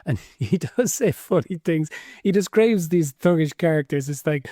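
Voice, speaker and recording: A man's voice: on the high side, moderate pace, dark tone, no room sound, studio quality. A man co-hosting a casual book podcast, often restarting and repeating words as he hedges his points. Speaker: podcast co-host. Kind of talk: casual book-club chat.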